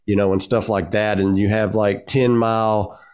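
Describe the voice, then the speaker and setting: A man's voice: fairly low pitch, level tone, moderate pace, darkish tone, smooth. A man hosting a casual podcast interview, talking in a loose, rambling way full of fillers. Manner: loose and rambling, with many fillers like "like" and "you know". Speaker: podcast host.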